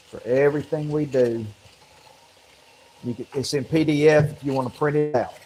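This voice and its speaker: A man's voice: medium pitch, normal speed, darkish tone, a little hiss or hum, poor audio. A man helping in a home kitchen, giving short practical prompts and reminders to the cook. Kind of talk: casual off-camera remarks.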